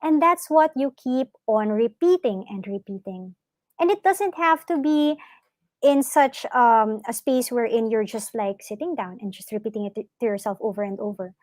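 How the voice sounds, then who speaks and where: A woman with a fairly high voice leads a live online talk for parents on mindfulness and yoga. She speaks in a gentle, encouraging way and often asks her listeners questions. Her voice is recorded close and dry, with no room sound. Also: moderate pace, no echo.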